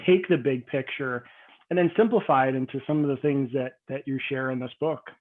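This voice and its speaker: A woman's voice: rumbling low, brisk. A woman interviewing an author in a casual chat, supportive and eager, often stumbling over her first words. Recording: tinny phone-like line.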